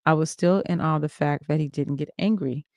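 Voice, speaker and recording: A livestream host reading a memoir aloud in the first person, pausing for asides to the listeners. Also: mid-range voice, darkish tone, dry recording, studio quality. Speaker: reader of a book on a livestream.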